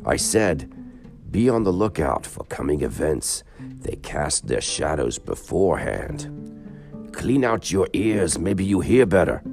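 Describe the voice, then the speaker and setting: A man's voice: low-pitched, big pitch swings, unhurried, gravelly, darkish tone, faint music behind, pitched above the performer's own voice, exaggerated voice. Man doing a scolding tiger statue. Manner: broken English, scolding. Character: bossy talking tiger head statue, male.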